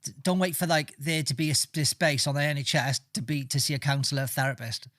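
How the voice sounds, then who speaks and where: Blunt, swearing podcast co-host. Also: male voice, fairly high pitch, fairly even intonation, fairly quick, fairly bright tone, dry recording, clean studio sound. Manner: blunt, heavy swearing, rambling. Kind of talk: casual chat.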